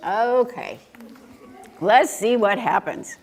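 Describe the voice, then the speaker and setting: A high, lively woman's voice reading picture books aloud to a room of young children. She takes her time, sing-song and playful, stopping to ask the kids questions and laughing often. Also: unhurried. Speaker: children's story time reader.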